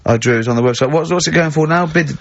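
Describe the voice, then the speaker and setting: A man hosting a radio show, chatting in casual banter and often breaking into high giggles. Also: quick pace, no room sound. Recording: dull, slightly lo-fi studio audio.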